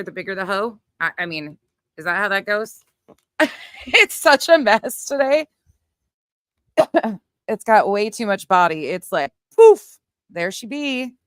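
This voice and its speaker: A woman's voice: on the low side, fairly bright tone, smooth, no echo, studio quality. A middle-aged woman with a Southern US accent, chatting casually on a livestream and reading out viewer comments, laughing often and swearing now and then. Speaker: livestream host.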